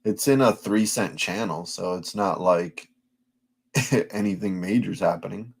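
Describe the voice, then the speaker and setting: A man with a fairly low voice chats loosely on a live stream. He curses freely and rambles, often breaking off and restarting his sentences. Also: unhurried, creaky, slightly rough. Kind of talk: casual live-stream chat.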